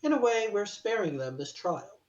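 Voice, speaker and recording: A man voicing a sly, charming male clone officer with a smooth, teasing manner, recorded distant in a roomy space on a dull mic. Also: high voice, sing-song, normal speed.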